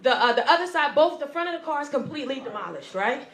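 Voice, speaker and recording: A woman comedian telling a story on stage in an animated way, acting out the voices and swinging between loud and soft. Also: sits high, fast, reverberant. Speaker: stand-up comedian. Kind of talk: stand-up storytelling.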